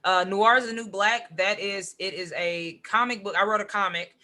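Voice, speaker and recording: Bright, animated woman guest. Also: medium pitch, normal speed. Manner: animated, says "like" a lot, acts out quotes. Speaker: podcast guest, comic writer and poet. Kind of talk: casual chat.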